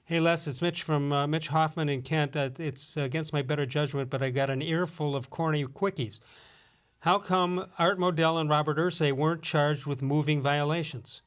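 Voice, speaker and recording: A middle-aged man with a slightly high speaking voice hosts a casual local talk show. He reads listener puns aloud and keeps the banter light and chuckling. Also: steady tone, moderate pace, clear, resonant tone. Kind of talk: casual radio banter, reading listener jokes.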